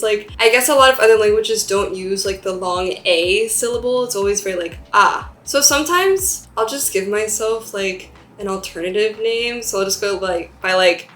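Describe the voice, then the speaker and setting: A woman's voice: medium pitch, a bit bright, slight background noise. Chatty young woman, roomy sound. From United States. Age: 20s. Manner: chatty, curious, laughs at herself. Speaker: vlogger. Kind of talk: casual language-learning vlog. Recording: roomy sound with faint background music.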